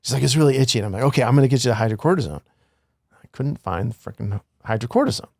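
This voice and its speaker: A man's voice: medium pitch, animated, very fast, vocal fry, no echo, clean studio sound. A middle-aged man co-hosting a casual podcast, telling a candid personal story with lots of fillers and asides. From United States. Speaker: podcast co-host.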